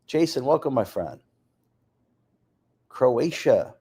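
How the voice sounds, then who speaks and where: Guy on a livestream reading out where everyone's from, pitch jumping all over, laughs a lot. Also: takes it slowly, breathy edge. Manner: lively, reads off places and names, laughs often. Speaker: author hosting a live stream. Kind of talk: casual live-stream chat reading out viewer comments.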